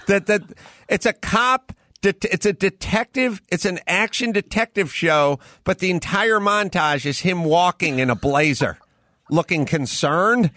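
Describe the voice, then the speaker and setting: A man's voice: high-pitched, lively intonation, measured pace, bright, forceful tone, dry recording, studio quality. Sarcastic, rambling male podcast host. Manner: sarcastic, rambling riffing rant. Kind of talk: casual podcast banter.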